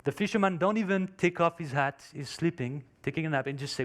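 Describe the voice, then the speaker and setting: A man's voice: on the high side, brisk, fairly bright tone. A man speaking English as a second language, giving an emphatic motivational conference talk and telling a story. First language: not English. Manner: storytelling, emphatic, non-native phrasing.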